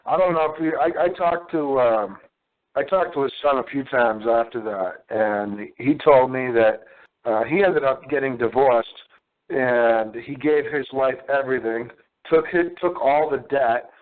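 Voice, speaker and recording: A man talking on a radio show in a hesitant, halting way with many pauses and fillers. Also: mid-range voice. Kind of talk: conversational radio chat. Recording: tinny phone line.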